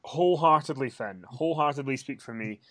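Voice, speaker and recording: A man co-hosting a podcast, animated and prompting his partner with questions. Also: mid-range voice, brisk, no echo, studio quality. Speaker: podcast co-host. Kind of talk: casual chat.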